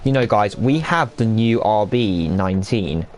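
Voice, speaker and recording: A man's voice: lowish voice, animated, a little slow, a little mellow. A man giving casual, jokey live commentary on an online sim race, full of banter.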